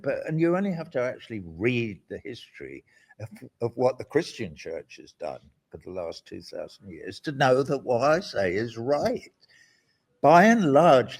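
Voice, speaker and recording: An outspoken older man, an interview guest talking about politics, sardonic and animated, with mocking asides and rambling tangents. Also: medium pitch. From England.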